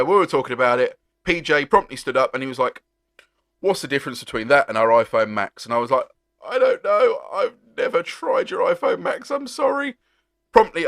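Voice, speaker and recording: A man's voice: medium pitch, fairly bright tone, dry recording. A man, chatting animatedly and jokily as he reviews car-cleaning products for his vlog. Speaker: car detailing vlogger.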